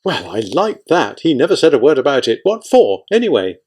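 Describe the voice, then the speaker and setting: A man's voice: mid-range voice, big pitch swings, fairly quick, a little mellow, husky, voice pushed up. A man reading an audiobook, voicing a proud, insecure scientist husband who is irritable and self-pitying. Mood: irritated.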